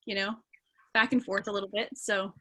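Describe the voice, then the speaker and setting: A woman's voice: medium pitch, level tone, a little fast, pushed and bright, slight background noise. Rambling young woman from British Columbia. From British Columbia, Canada. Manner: rambling, many ums and yeahs. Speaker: actor and singer as interview guest. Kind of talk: casual interview chat.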